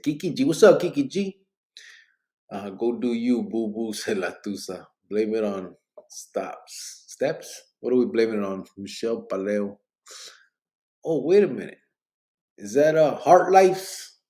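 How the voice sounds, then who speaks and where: A man with a fairly low, warm voice hosts a late-night live podcast, reading viewer comments aloud. He's laid-back and joking, sprinkles in Spanish slang, and sounds sleepy, yawning as he goes.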